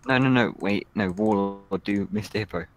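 A man's voice: lowish voice, moderate pace, slight background noise. A man in a casual voice chat with friends who sounds nervous and self-deprecating.

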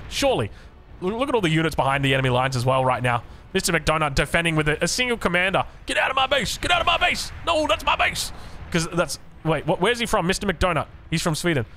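A man's voice: fairly high pitch, pushed and bright, a little hiss or hum. A man with an Australian accent giving chatty, rambling commentary on a strategy game match. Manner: chatty, rambling asides, frequent restarts. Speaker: game caster.

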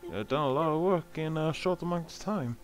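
A man's voice: fairly high pitch, a little fast, faint music behind. A man in casual online voice chat, easygoing and teasing, laughing often. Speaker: social VR group member.

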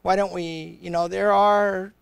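A college president, an older man, speaks casually on a livestream in a high-pitched, gravelly voice with a clean tone, little pitch movement and a slightly slow pace. He rambles while telling stories, chuckling and acting out the voices and quoted exchanges from his anecdotes.

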